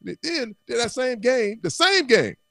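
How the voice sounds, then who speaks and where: A man telling football stories as a radio guest, acting out quoted voices with laughter and bursts of shouting. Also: very high voice, takes it slowly, creaky, no echo, clean studio sound. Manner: animated storyteller, acts out quotes with laughs. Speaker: guest, former football player. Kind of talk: casual storytelling on radio call-in.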